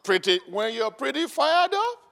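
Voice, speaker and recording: A man preaching a sermon as the pastor, swinging between shouting and low, quiet remarks. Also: very animated, normal speed, creaky. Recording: long reverb of a large hall.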